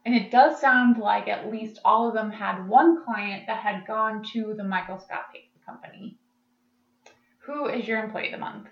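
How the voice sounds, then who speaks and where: A woman's voice: medium pitch, moderate pace. A woman co-hosting a casual podcast, chatty and laughing often as she recaps. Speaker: podcast co-host. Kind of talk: casual chat. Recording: echoey, dull lo-fi sound.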